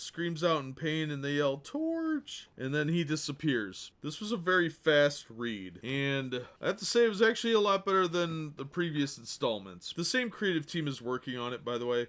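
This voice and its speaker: A man's voice: medium pitch, smooth. A man giving a casual spoken review of a comic book, sarcastic and unimpressed.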